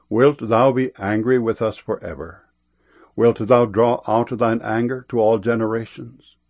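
Gravelly, husky man reading scripture. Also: lowish voice, darkish tone. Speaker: scripture reader. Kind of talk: reading King James Bible verses.

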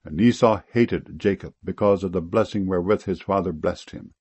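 A man giving a solemn scripture reading in a measured, even delivery. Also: low-pitched, husky, no room sound. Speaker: scripture reader.

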